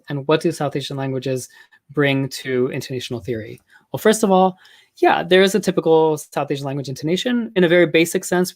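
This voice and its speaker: A man giving an academic conference talk on linguistics, explaining patterns step by step with frequent ums, uhs and self-corrections. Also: on the high side. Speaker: linguistics lecturer.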